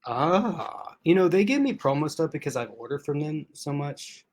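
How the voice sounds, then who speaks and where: At home in front of his laptop, a man hosts a casual livestream unboxing, rambling and chatty with plenty of fillers, restarts and frequent laughter. His voice sits on the high side, very animated, at a moderate pace.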